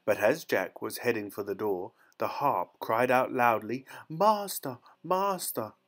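A man reading a fairy tale aloud in a steady, expressive storytelling manner. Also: lowish voice, measured pace.

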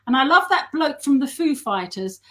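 A middle-aged woman telling self-mocking anecdotes in a casual chat, chatty and quick to laugh. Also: high-pitched, animated, a bit bright. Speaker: guest and model.

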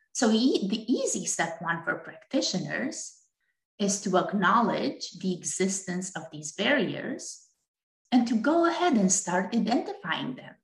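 Slow, deliberate woman presenter in an echoey room. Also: lowish voice. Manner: clear and deliberate, repeats key points. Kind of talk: recorded presentation.

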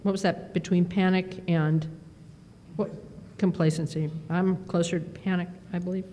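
A middle-aged woman giving a conference keynote, telling stories in an animated, self-deprecating way with quick asides. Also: lowish voice, a little hiss or hum. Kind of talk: storytelling speech. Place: performance hall. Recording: long hall reverb, faint ambience.

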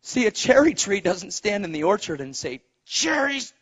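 A middle-aged man preaching a sermon as a story, animated, dropping to a hush and rising to shouts. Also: sits high, normal speed, husky. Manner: animated, swings from hushed to shouting.

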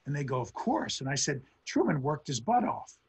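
A man's voice: on the high side, big pitch swings, brisk, slightly rough. A middle-aged man, a historian, giving a storytelling lecture and acting out the quotes in a raised voice.

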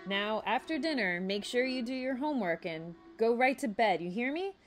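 A woman voicing a caring, worried mother red fox who scolds loudly but stays kind. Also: high-pitched, big pitch swings, brisk, soft background music, pitched above the performer's own voice. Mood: kindly. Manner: loud, scolding yet kindly.

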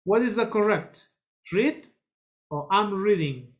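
A teacher leads a children's English lesson in a classroom. The pace is unhurried and deliberate, with key phrases drilled again and again. Students are called on one by one to answer. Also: mid-range voice, expressive. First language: Spanish. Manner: slow, repetitive drilling, calls on students.

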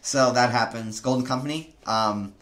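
A man's voice: mid-range voice, moderate pace, fairly bright tone. A young man co-hosting a casual chat, rambling and full of "like" and "um". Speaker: co-host.

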